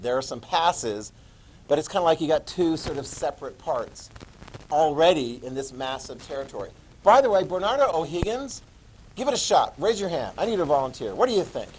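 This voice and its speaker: A man teaching a history class, animated, asking his students questions and answering them himself. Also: medium pitch, husky. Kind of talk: classroom lecture.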